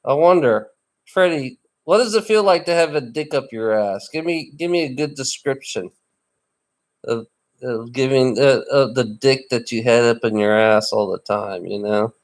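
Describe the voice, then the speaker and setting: A man of middle pitch, talking in a loose, casual chat. He rambles and teases, circling back over his words with frequent restarts. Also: moderate pace. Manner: rambling and teasing, with many repeated restarts.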